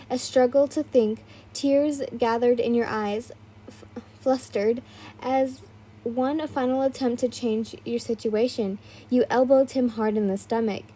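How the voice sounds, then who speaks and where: A woman reads a fan fiction story aloud in a casual manner, now and then tripping over words. Her voice is a little high, with a mellow, husky tone. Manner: casual, stumbling asides.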